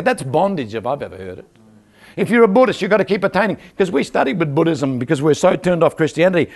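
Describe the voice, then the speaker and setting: A man preaching a sermon in a church, telling stories and asking the crowd for an amen. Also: high voice. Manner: storytelling with rhetorical questions and calls for amen.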